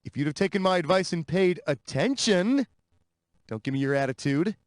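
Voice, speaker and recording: A man's voice: high-pitched, animated, moderate pace. An actor playing a wisecracking male quiz show host in a video game, with a sarcastic, teasing, punchy comic delivery. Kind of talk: scripted game show hosting.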